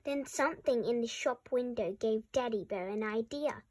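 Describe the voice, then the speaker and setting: A woman reading a children's picture book aloud in a clear, deliberate way. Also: on the high side, darkish tone, a little hiss or hum. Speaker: storybook reader.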